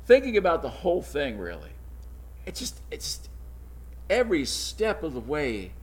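A man's voice: a little high, huge pitch swings, normal speed. A man teaching from the Bible, retelling the story in a conversational way with informal asides and chuckles.

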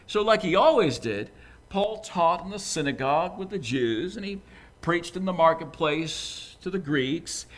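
A man delivers a sermon in a conversational, animated way, breaking off into asides for the congregation. His voice sits a little high and swings widely in pitch as he builds emphasis. He sounds like a pastor speaking in a church sanctuary. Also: unhurried.

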